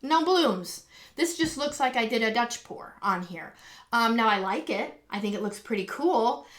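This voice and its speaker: Woman host, higher voice, rambling live-stream chat from home, excitable with viewers. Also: moderate pace. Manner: chatty and rambling, many ums and restarts; excitable and gushing when greeting viewers. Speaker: live stream host and acrylic pour artist. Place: home, indoors.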